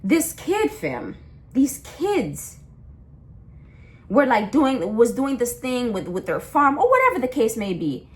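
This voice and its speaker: A woman's voice: fairly high pitch, huge pitch swings, slow pace. A young adult woman in a blunt, impassioned rant, slangy and full of repeats and restarts. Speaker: vlogger. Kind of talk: casual ranting monologue.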